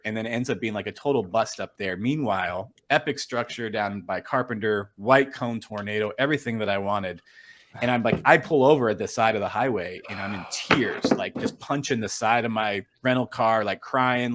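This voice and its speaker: A man's voice: lowish voice, normal speed, a bit bright. A middle-aged man talking as a guest on a casual podcast, rambling and earnest with lots of fillers and restarts. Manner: rambling, filler-heavy storytelling with many restarts; earnest and open about his feelings. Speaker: storm chaser and photographer, podcast guest.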